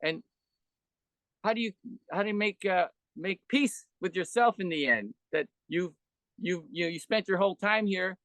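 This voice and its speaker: An older man, a podcast guest, telling reflective stories in a meandering way, with many restarts and fillers. He gets animated and full of wonder as he recounts what he went through. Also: high voice, moderate pace, no room sound. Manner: grows animated and wondering when recounting experiences. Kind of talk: reflective conversational storytelling.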